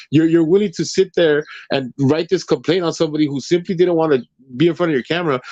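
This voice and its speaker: A man's voice: on the high side, mellow. A male co-host in casual commentary, stammering and repeating himself with incredulous questions. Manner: stammering, restarts a lot, incredulous. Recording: muffled lo-fi audio.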